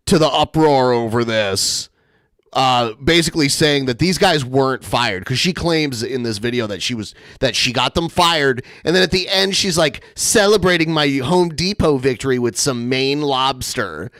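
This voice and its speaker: A man's voice: mid-range voice, moderate pace, dry recording. A male podcast host mockingly commenting on a viral video clip. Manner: sarcastic, animated.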